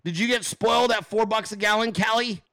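Fairly quick and high-pitched, this host's voice comes across pushed and bright. On his political commentary livestream he rants with profane sarcasm, aiming mocking rhetorical questions at his audience.

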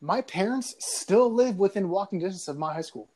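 A young man casually telling a profane high school story, animated and swearing, often laughing through his lines. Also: moderate pace. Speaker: podcast guest telling a story.

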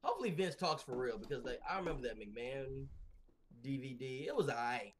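A man co-hosting a casual wrestling podcast over a remote call, talking in a rambling, slangy, animated way and laughing often. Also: mid-range voice, a little fast, crowd noise. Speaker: podcast co-host. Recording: remote call with glitchy connection.

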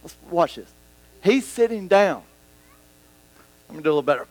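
A man preaching a sermon to a congregation in a church hall, animated and rambling, acting out scenes as he goes. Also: high voice, moderate pace. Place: church hall with about a hundred people. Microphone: microphone.

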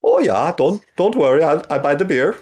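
A man's voice: on the low side, rapid-fire, fairly bright tone, lightly acted. A man voicing an eager male dwarf bartender who stammers a little in a fantasy role-play.

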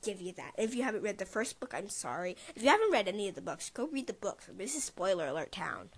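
A woman co-hosts a casual podcast, her voice swinging widely in pitch. She talks in an emphatic, excitable way, jumping in with exclamations. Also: quick pace, no echo. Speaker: podcast co-host.

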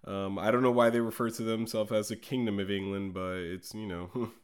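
A man's voice: fairly low pitch, fairly even intonation, brisk, clean tone. A young man from the American South co-hosting a podcast, bantering with sarcastic jokes. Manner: joking, sarcastic. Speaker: podcast co-host. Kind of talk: casual banter.

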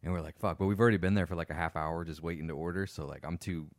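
Deep-voiced man, fast casual podcast talk. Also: dry recording, studio quality. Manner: relaxed, laid-back, swears casually. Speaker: podcast host. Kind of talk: casual chat.

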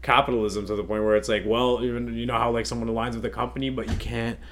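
Man, casual podcast chat, profane, rambling, mid-pitched voice. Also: level tone, quick pace, fairly bright tone.

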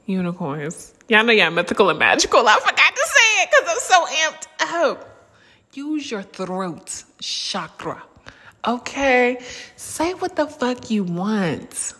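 A woman in her thirties talking casually to viewers, bawdy and laughing, with drawn-out swooning sighs. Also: a little high, sing-song, pushed and bright, in a large hall. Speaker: vlogger. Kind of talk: casual monologue.

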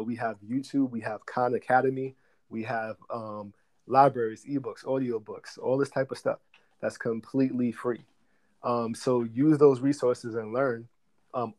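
A man's voice: medium pitch, a little mellow. A young adult man giving long, earnest answers as an interview guest, explaining step by step with frequent fillers. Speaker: guest, credit repair business director.

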